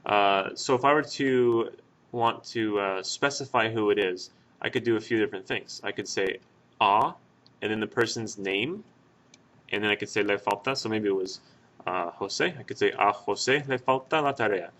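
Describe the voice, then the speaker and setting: A man with a lowish voice walks through a Spanish grammar lesson as a voice-over. He explains patiently, pausing on fillers and correcting himself as he goes. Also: fairly bright tone. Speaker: Spanish teacher. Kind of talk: screen-recorded grammar lesson.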